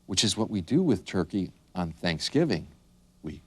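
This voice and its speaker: A man teaching young children the names of animals in a slow, sing-song way, making the animal sounds. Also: sits low, big pitch swings, darkish tone, slightly rough, no room sound. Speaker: children's video narrator.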